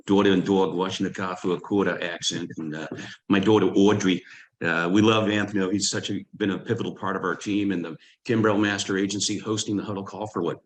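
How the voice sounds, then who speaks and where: A man from Louisiana, hosting a team call in a relaxed way, with many fillers and restarts. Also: low voice, low-quality recording. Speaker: host.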